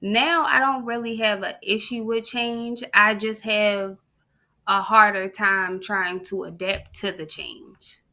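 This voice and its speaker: A woman's voice: medium pitch, steady tone, takes it slowly, pushed and bright. A woman co-hosting a casual podcast chat, blunt and candid, talking in loose slang. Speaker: podcast co-host.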